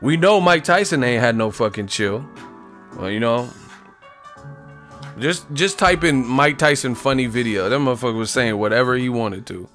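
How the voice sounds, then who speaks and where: A man's voice: mid-range voice, normal speed, a bit bright, faint music behind. A young man hosting a boxing livestream, rambling and joking in casual, profane chat.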